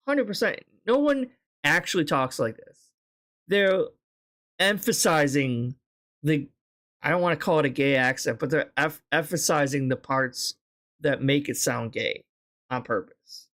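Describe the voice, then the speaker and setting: A man's voice: fairly high pitch, unhurried, fairly bright tone. Blunt, swearing man reacting to clips. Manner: blunt, frank, swearing, repeated apologies. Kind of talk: casual reaction commentary.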